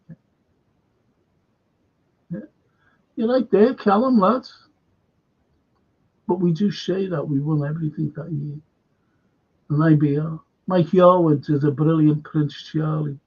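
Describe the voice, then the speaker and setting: Older Scouse host, raised pitch, rasp, telling rambling stories. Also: male voice, a little slow, pauses often, darkish tone. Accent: Liverpool. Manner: rambling anecdotes, sweary. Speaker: podcast host. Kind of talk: casual chat. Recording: dull lo-fi recording.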